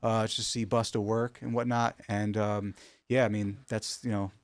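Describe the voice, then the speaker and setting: Man, casual storyteller, animated, lots of fillers, dry studio sound. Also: fairly low pitch, normal speed, no echo. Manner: animated, full of fillers and restarts. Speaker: rug artist guest.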